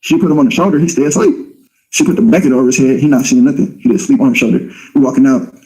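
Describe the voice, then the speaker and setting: Fast-talking, dark-voiced man. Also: medium pitch, rough recording. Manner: blunt, profane, fast street talk. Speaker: interview guest. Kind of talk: casual storytelling.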